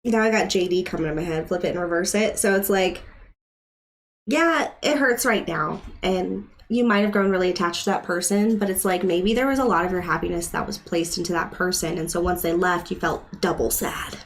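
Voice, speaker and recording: A woman's voice: on the low side, brisk. A woman doing a live-stream tarot reading, chatty and emotional, talking straight to her viewers. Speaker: tarot reader.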